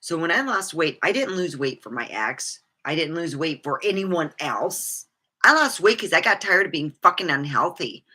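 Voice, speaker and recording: A middle-aged woman vlogs candidly about her life in a personal storytelling monologue, rambling and swearing freely. Her voice is low and animated, with a sharp tone and a breathy edge, at a normal speed.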